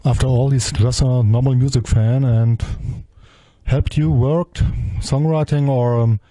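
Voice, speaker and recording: A male interviewer asking short, halting questions about music. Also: medium pitch, fairly even intonation, noisy background.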